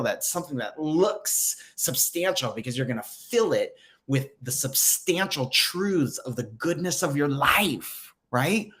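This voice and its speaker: A man's voice: medium pitch, fairly bright tone. A man hosting a spiritual direction livestream in casual chat, reading viewer comments aloud with many fillers and upbeat encouragement.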